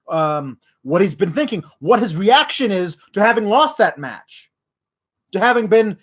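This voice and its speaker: A male podcast host vents in an exasperated, profane rant. His voice sits high for a man, and the swearing never lets up. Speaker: wrestling news podcast host.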